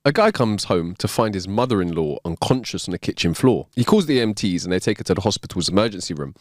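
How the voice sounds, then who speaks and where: Man, podcast co-host, lowish voice, very lively pitch, dry close mic. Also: fast talker, dry recording. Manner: laughs a lot, self-deprecating. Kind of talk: casual chat, telling jokes.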